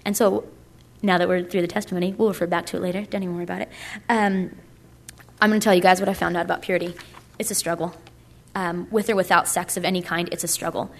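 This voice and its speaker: Speaking at a quick pace with a steady, medium-pitched voice, a young adult shares her testimony at a purity conference. Her delivery is casual and chatty, peppered with likes and ums.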